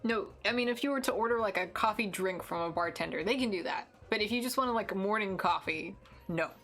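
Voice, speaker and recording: A woman's voice: medium pitch, fairly quick, a bit bright, faint music behind. A young American woman streaming, chatting casually while she draws, rambling with lots of fillers and restarts. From United States. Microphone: desk mic with headphones.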